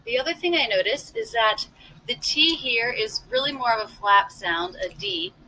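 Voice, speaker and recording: A woman's voice: fairly high pitch, expressive, normal speed, pushed and bright, low-quality recording. A woman coaching pronunciation in a video lesson, repeating phrases to analyze them.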